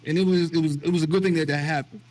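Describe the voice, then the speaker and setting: A man's voice: on the high side, steady tone, racing, a little mellow. A middle-aged man from the United States, hosting a casual conversation and telling personal stories in an earnest, emotional way with frequent restarts. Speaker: vlog host.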